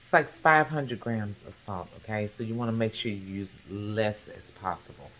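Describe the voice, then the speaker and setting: A woman hosting a casual home cooking demonstration, talking the viewer through each step and checking in with a quick "okay?" again and again. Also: extremely low pitch, fairly bright tone, a little hiss or hum. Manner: chatty, keeps checking in with the viewer by asking "okay?". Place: home kitchen. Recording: echoey kitchen with background music.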